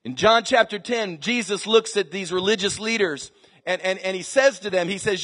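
Delivering a sermon at a moderate pace, this high-voiced male pastor lurches between hushed asides and shouted scripture. His live congregation fills a big church hall, and the recording rings with long reverb.

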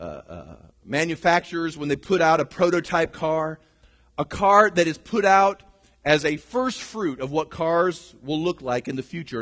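A middle-aged pastor delivers a sermon in a high, lifted voice. He swings between shouted bursts and quiet, hushed asides. The sound carries the long echo of a large sanctuary. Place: church sanctuary. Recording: long reverb of a large hall.

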